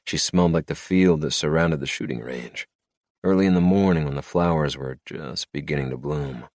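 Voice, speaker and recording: A man narrating a first-person romantic suspense audiobook in a low, measured delivery. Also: darkish tone, no room sound, clean studio sound.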